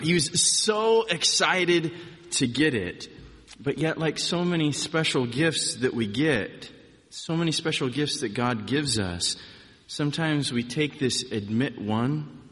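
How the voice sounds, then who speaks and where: A man giving an informal sermon, telling personal stories in a relaxed, conversational way with frequent restarts. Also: medium pitch, long reverb tail. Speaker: preacher.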